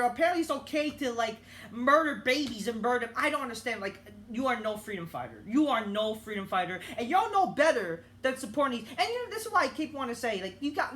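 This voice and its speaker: A young woman delivering an angry political rant as a vlogger, swearing often and breaking off into halting restarts. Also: high voice, fairly bright tone, slight background noise. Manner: heated, profane, halting with many restarts.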